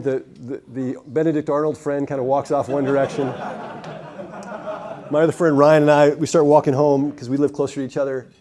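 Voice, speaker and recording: A man giving a conversational sermon at a men's ministry night, telling a childhood story with many restarts and quiet dips. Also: medium pitch. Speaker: speaker at a men's ministry event.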